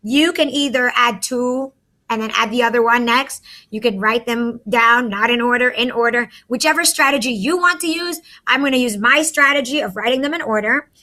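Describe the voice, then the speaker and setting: A woman's voice: a little high, moderate pace, pushed and bright. A woman teacher in a recorded math lesson, chatty and talking through each step aloud to her students.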